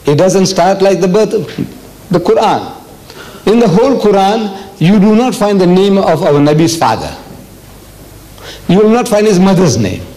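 A man's voice: high-pitched, warm tone, low-quality recording. An older man from South Africa giving a public religious lecture, emphatic and repetitive, with frequent rhetorical questions. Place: lecture hall.

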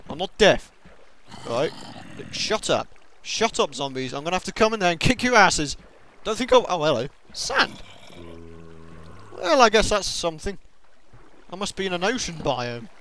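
Young man, game commentary, high lively voice, jumpy and excitable, faint hiss. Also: normal speed. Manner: excitable, jumpy, talks to himself and the monsters. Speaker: gaming video host. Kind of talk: Minecraft let's play commentary.

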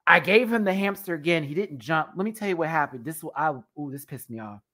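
Low-voiced woman, rowdy storytelling host. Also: fast. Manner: animated, profane storytelling with frequent laughter. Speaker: show host reviewing a TV competition. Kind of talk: casual live stream chat.

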